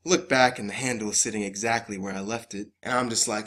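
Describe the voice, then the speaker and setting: A man's voice: on the low side, steady tone, fast talker, few pauses, a bit bright, soft background music. A young man telling a personal story in casual vlog style, often stammering and repeating himself, swearing freely and laughing as he goes. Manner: stammering, profane, laughing asides. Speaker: vlogger.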